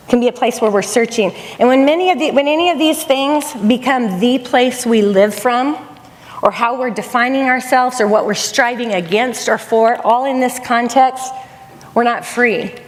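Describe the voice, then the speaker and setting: A woman's voice: a little high, slight background noise. A middle-aged woman giving an earnest, conversational chapel talk at a college, repeating phrases for emphasis. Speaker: chapel speaker. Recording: long hall reverb.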